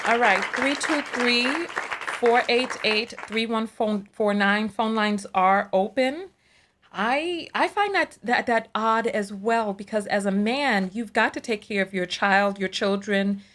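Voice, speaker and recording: A woman hosts a live call-in show. She talks fast and trips over repeated words as she starts each point. Her voice sits at a middle pitch. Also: a bit bright, a faint crowd. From United States.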